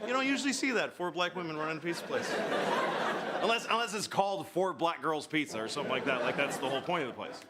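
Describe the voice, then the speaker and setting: A man in his fifties doing stand-up comedy, telling stories in an exasperated, animated way. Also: fairly high pitch, fast, heavy background noise. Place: stage before a live audience. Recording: live show with loud crowd laughter.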